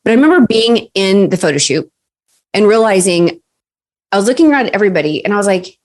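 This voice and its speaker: A woman in her thirties, a guest on an interview show, telling personal stories in a lively way. She uses many fillers and acts out quoted voices. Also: medium pitch, fast. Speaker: podcast guest, success coach. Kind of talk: casual interview storytelling.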